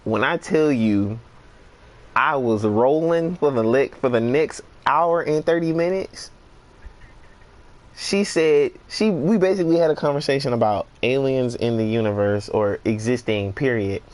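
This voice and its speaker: A young man casually telling a funny work story while playing a game, animated and laughing, acting out the people he quotes. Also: medium pitch, measured pace. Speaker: gaming streamer.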